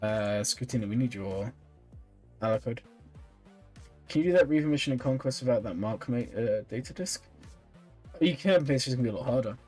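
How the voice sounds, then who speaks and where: Man, live-stream chat, casual, tired, mid-pitched voice, soft music in the background. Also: brisk, pauses often. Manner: relaxed, chatty, reads and answers chat comments with small laughs. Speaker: streamer reviewing viewers' game accounts.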